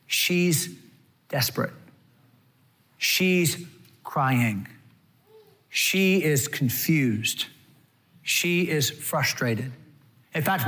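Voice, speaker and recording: Animated high-voiced male preacher. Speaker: pastor. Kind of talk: sermon.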